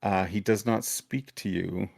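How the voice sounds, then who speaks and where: A man narrating a tabletop game as game master, describing scenes in a halting way with many fillers. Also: lowish voice, fairly even intonation, vocal fry, darkish tone.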